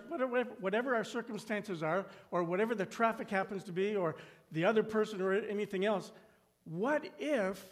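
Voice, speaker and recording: High-pitched guy preaching, slows way down and goes quiet on big lines, squeaky when acting out whiners. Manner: slows down and drops to a hush on key phrases; acts out complaining voices with rising pitch. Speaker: pastor. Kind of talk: sermon.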